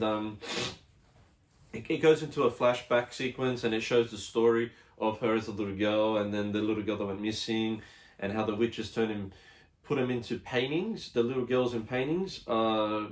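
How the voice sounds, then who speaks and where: A man's voice: lowish voice, fairly even intonation, normal speed. Rambling man unboxing a film. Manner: rambling, with many fillers and restarts. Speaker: collector reviewing a film release. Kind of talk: casual unboxing chat.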